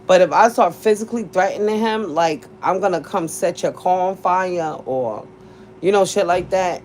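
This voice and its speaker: A woman's voice: on the low side, moderate pace, a little mellow, a little hiss or hum, poor audio. A woman, talking candidly and bluntly in a casual chat, cursing freely and laughing often. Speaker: podcast host.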